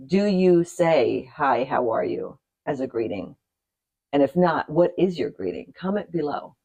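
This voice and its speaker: A middle-aged vlogger from the United States talks straight to camera in a loose, conversational way. The delivery wanders into asides and little laughs, with a pitch that sits in the middle range. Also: dark tone, rough recording. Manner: chatty and rambling, with asides and light laughs. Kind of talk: casual talk to camera.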